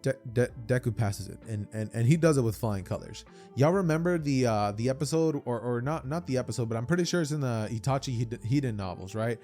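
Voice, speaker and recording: A man's voice: medium pitch, animated, fairly quick, dark tone, faint music behind. A young man casually telling a fan-fiction story, rambling with stammered repeats and many fillers.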